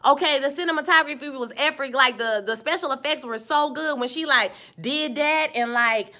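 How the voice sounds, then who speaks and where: A woman, giving a casual, animated recap of a TV episode with playful asides. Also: sits high, normal speed. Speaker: TV episode reviewer.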